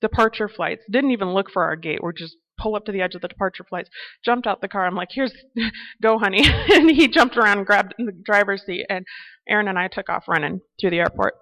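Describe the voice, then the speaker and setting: A woman sharing a personal testimony, telling an animated travel story that turns into a reflection on faith. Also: mid-range voice, brisk, rough recording.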